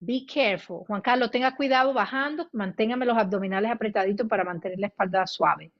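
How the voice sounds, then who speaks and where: A woman's voice: mid-range voice, very fast. Woman guiding chair yoga, muffled recording. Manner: switches between English and Spanish cues; demonstrates loud vocal sounds. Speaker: yoga instructor.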